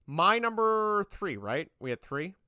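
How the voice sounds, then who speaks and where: A man co-hosting a podcast in casual chat, enthusiastic, repeating himself and speeding up in quick bursts. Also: high voice, sing-song, bright, forceful tone, no room sound, clean studio sound. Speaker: podcast co-host.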